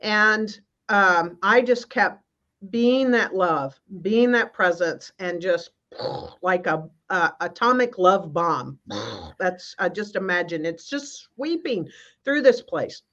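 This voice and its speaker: A woman guest minister telling a personal spiritual story on a video call, in an earnest, halting way with many restarts. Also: mid-range voice, lively intonation, a bit bright. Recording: slightly muffled.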